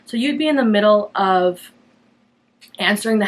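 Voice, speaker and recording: A woman's voice: mid-range voice, expressive, brisk. Chatty young Canadian woman knitter. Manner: chatty and rambling, many fillers, bright lifts when quoting herself. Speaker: knitting podcast host. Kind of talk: casual chat to camera.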